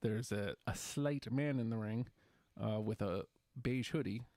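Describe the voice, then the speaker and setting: A man's voice: lowish voice, unhurried, warm tone, no room sound, clean studio sound. A man co-hosting a casual wrestling podcast, recapping matches and quoting wrestlers in voices. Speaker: podcast co-host.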